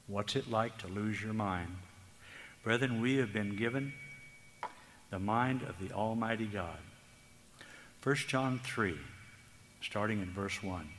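Earnest preacher in a reverberant hall. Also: male voice, on the low side, a bit bright. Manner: earnest, tender, slow, emphatic. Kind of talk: sermon. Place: church hall. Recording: long hall reverb, faint background noise.

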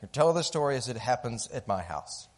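A man's voice: mid-range voice, brisk. A man telling a parable to a live audience, acting out the characters' voices. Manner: animated, acts out the voices of characters. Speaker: speaker telling a story to an audience. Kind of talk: storytelling talk.

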